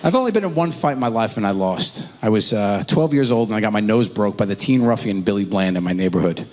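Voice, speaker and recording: A middle-aged man doing stand-up storytelling on a comedy stage, animated and jumping in and out of voices. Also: lowish voice, quick pace. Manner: animated, with wild swings into voices. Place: comedy stage before a live audience. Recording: long hall reverb, faint room noise.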